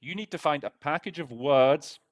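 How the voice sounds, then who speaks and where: A man's voice: fairly high pitch, moderate pace. A man as host of an interpreting lesson, talking casually with lots of fillers and restarts as he walks through a text. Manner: chatty, full of fillers and restarts. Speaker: interpreting tutor. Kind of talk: casual teaching breakdown.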